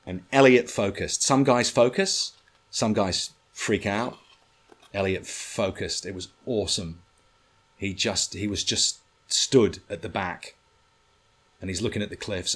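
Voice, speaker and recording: Very deep-voiced man telling a story. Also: normal speed. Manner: animated, swearing, acts out others' lines. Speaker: storyteller guest. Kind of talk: casual anecdote on a podcast.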